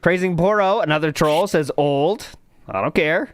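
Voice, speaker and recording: A man's voice: fairly high pitch, moderate pace, dry recording, clean studio sound. A man hosting a casual podcast, rambling and joking as he reads out chat comments. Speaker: podcast host.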